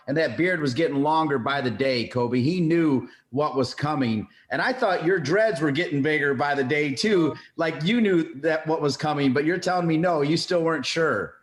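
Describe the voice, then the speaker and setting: Man, podcast host, casual chat, teasing, a bit high voice. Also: a little fast, few pauses.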